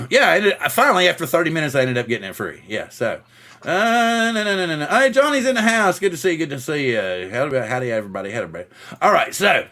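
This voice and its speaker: Male livestream host, high and lively voice, chatty storyteller. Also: quick pace. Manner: animated storyteller who acts out the voices in his story; greets chat viewers by name. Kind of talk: casual livestream chat.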